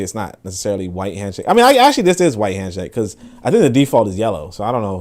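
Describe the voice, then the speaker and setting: A man's voice: on the low side, darkish tone. A man giving casual, profane commentary on online clips, rambling and full of filler words.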